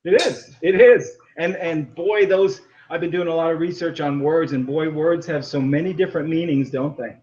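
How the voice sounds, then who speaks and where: A man with a fairly high voice rambles through a casual call-in chat, animated and quick to laugh. He is heard over a muffled, lo-fi line. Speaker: caller.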